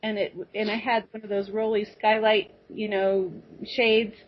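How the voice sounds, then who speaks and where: A woman guest telling a personal story in a rambling, animated way, with restarts and asides. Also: mid-range voice, measured pace. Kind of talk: personal storytelling on a talk show. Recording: dull lo-fi audio.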